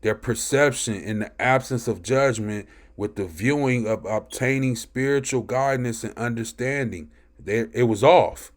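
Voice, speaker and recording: A medium-pitched man reads scripture aloud at an unhurried pace and comments on it in an emphatic teaching style. Between verses he often checks in with "right?"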